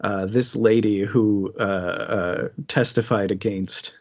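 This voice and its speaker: A man co-hosting a casual film podcast, swearing freely and acting out scenes in quick voices. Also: fairly low pitch, fairly even intonation, dull audio. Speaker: podcast co-host.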